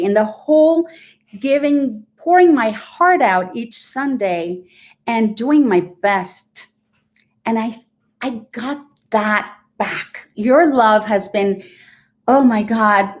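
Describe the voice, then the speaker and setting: Woman host, unhurried, earnest and reflective, heartfelt rambling livestream chat. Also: a little high, darkish tone. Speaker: host of a weekly sound bath livestream. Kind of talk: candid heartfelt livestream talk.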